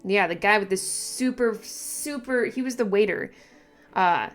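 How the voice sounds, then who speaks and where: A woman reacting casually to a manga, thinking aloud with lots of fillers and restarts, and breaking into excited exclamations and giggles. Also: medium pitch, a little slow, faint music behind. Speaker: manga reaction channel host.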